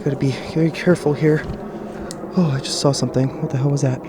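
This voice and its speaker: A man's voice: on the high side, steady tone, fast talker. A man filming himself as he hurries out of a forest at night, talking nervously to his viewers, sighing and swearing under his breath. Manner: jittery, swearing, often sighing and muttering. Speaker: paranormal vlogger. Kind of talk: nervous first-person vlog narration. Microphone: handheld camera mic while walking. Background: faint night forest noise and rattling.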